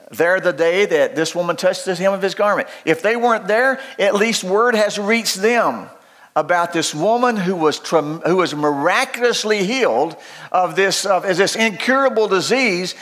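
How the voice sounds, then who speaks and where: An older man preaching a sermon in a loud, folksy, emphatic way, often restarting his phrases. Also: sits high. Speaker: pastor.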